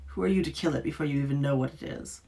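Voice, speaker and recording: Storybook reading: woman playing a gravelly, toneless witch of the woods, quiet and severe. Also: extremely low pitch, rapid-fire. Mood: stern. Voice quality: rasping, gravelly. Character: stern wild woman, forest witch, gruff and cold.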